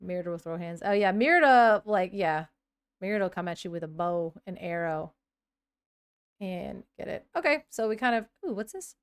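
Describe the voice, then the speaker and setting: A woman in her thirties chatting casually on a live stream, reacting aloud as she scrolls and now and then breaking into excited squeals. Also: medium pitch, normal speed, clean tone.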